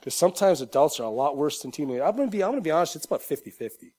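A young adult man preaching a sermon with a notably high voice. He preaches with animation, rising to near-shouts and then dropping to quiet, joking asides. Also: big pitch swings, very fast. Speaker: pastor.

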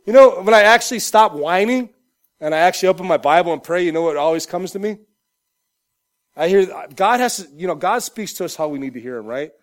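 Male pastor, high voice, emphatic sermon delivery with lively "Amen?" asides. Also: a little fast. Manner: emphatic, conversational preaching with frequent 'Amen?' asides; acts out loud shouted voices for humor. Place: church.

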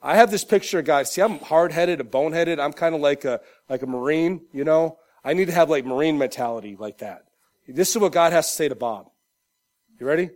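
A pastor preaching a conversational sermon in church, often checking in with "Amen?". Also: male voice, a little high, animated, a little fast. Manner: emphatic, conversational preaching with frequent 'Amen?' asides; acts out loud shouted voices for humor.

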